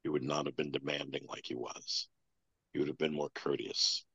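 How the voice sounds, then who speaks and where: Super deep raspy guy telling his story in a flat, calm way, dull lo-fi sound. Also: moderate pace, dry recording. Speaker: interview guest. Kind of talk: storytelling interview.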